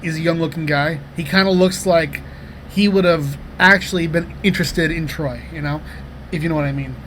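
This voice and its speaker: A man's voice: a little high, moderate pace, a little hiss or hum. Chatty man telling profane stories. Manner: rambling, profane, animated anecdotes. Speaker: podcast co-host. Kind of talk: casual comedic storytelling.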